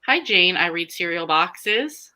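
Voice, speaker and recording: A woman from the American South hosts a casual live reading stream over a home mic. Her voice is bright and forward, sitting a little low for a woman, and she greets viewers and reads their comments in an animated way. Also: slow. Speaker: host of a live reading sprint. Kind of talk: casual livestream chat.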